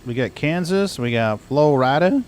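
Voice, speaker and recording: A man's voice: a little high, animated, a little slow, a little mellow. An American man chatting casually while playing a game, easygoing and rambling. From United States. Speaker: streamer. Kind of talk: casual gaming chat.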